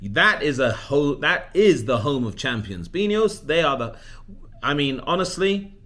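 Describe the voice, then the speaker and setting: A man's voice: a little high, big pitch swings, a little slow, a bit bright. Chatty self-mocking man in his forties. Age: 40s. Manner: chatty, self-deprecating, rambling with restarts. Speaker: leadership coach. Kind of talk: casual personal vlog.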